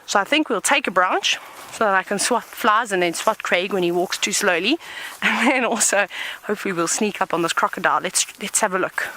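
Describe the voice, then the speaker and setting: Woman safari guide, bright voice, outdoors, chatty live walk, hushed at times. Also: medium pitch, a little fast, slight background noise, rough recording. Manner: chatty, explains as she walks, often drops to a whisper. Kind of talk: live nature broadcast on foot. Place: outdoors in the bush.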